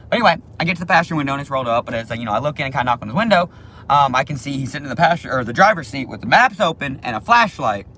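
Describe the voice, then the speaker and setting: Animated, bright-voiced man telling a story. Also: on the high side, a little hiss or hum. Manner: animated, swears casually, acts out quoted speech. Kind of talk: casual storytelling.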